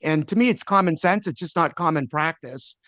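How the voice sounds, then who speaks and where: A man's voice: a little high, fairly quick, a bit bright, no room sound. A man, a leadership speaker answering as a podcast guest, earnest and often restarting his sentences. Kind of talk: conversational interview.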